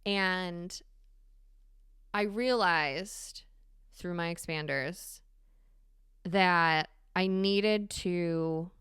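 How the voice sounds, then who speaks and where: A woman hosting a solo podcast, talking candidly and swearing freely with animated emphasis. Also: lowish voice, very slow, pauses often, clean tone, no room sound, clean studio sound. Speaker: podcast host. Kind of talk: casual solo podcast monologue.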